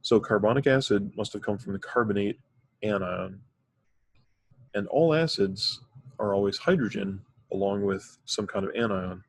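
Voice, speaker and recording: In a recorded classroom lecture, a man with a lowish, slightly breathy voice teaches chemistry at a normal speed. He explains things methodically, step by step, with the occasional filler word.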